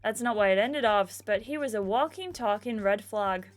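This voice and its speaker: A woman's voice: medium pitch, normal speed, lightly acted. A woman voicing a bubbly young Irish acrobat with a put-on Irish accent, reading her lines in a chirpy, playful way. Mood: perky.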